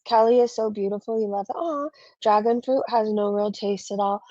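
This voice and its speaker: A woman's voice: mid-range voice, fairly even intonation, moderate pace, dark tone, no echo, dull audio. A woman hosting a casual live-stream commentary, chatty and rambling as she reads super chats. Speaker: commentary channel host.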